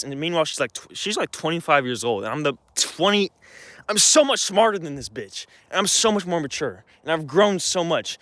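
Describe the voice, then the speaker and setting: Young male vlogger, slightly high voice, heated rambling storytime, dry close sound. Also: brisk, sharp tone, no echo. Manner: agitated, rambling, with many restarts and swearing.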